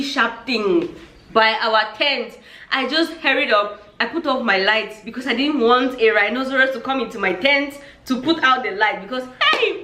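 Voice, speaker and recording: A woman vlogger telling a story in a lively storytime vlog, acting out her own reactions as she goes. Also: fairly high pitch, echoey room.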